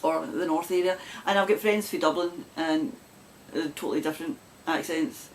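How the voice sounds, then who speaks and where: A woman's voice: deep voice, normal speed, a little hiss or hum. A woman with a broad Glasgow Scottish accent hosting a knitting podcast, chatting casually to camera with frequent laughs and rambling asides. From Scotland.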